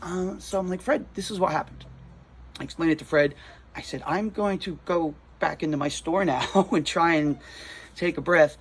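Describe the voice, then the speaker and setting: Rattled, husky New Jersey man retelling a clash. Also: fairly high pitch, moderate pace. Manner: rambling, rattled retelling with frequent restarts. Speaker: comic shop owner. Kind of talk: casual storytelling vlog.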